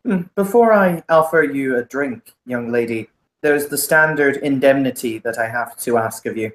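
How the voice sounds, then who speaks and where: A man's voice: medium pitch, expressive, moderate pace, fairly bright tone, natural voice. A man voicing a towering, stone-faced male boggin barman in a tabletop game, speaking in a dry, stuffy, formal way. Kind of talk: tabletop role-play. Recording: roomy echo.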